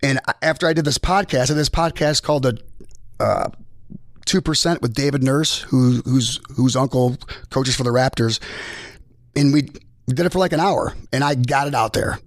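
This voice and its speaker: A man, a military veteran, tells a personal story as a podcast guest, halting and restarting often as he speaks. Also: medium pitch, no echo, studio quality. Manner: halting, with many restarts and repeated words. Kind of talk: emotional personal storytelling in conversation.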